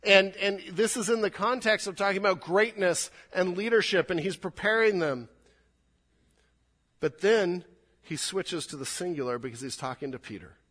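A man's voice: high-pitched, moderate pace, fairly bright tone. A male pastor giving a sermon in a church, earnest and conversational, often repeating words for emphasis. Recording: long hall reverb.

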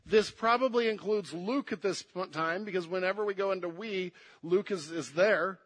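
A man preaching a sermon, moving between hushed and emphatic delivery and repeating words to press his points. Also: sits high, normal speed.

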